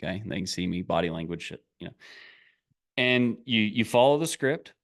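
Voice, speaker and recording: A man's voice: on the low side, expressive, normal speed. A middle-aged man coaching in a loose, conversational way. He talks bluntly, swears freely and rambles, often restarting his sentences. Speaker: online business coach. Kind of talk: casual motivational talk.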